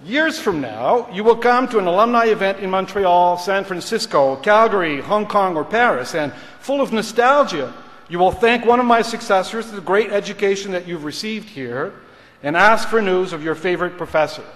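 A middle-aged man, a law school dean, giving a formal graduation speech in a measured, rhetorical manner, moving between English and French. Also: sits high, animated, a bit bright. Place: large ceremony hall. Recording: reverberant hall.

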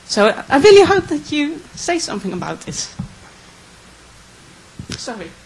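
A woman from the Netherlands asking a question from the floor, earnest, emotional and halting. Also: high-pitched, big pitch swings, slight background noise, rough recording. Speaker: audience questioner.

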